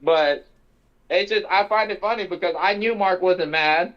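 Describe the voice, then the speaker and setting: A man in a casual voice chat arguing about a game, talking fast and pushy and swearing a lot. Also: high voice, a bit bright, highs cut off. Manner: argumentative, rapid-fire, swears a lot. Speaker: gamer in a voice chat. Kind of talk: heated casual banter.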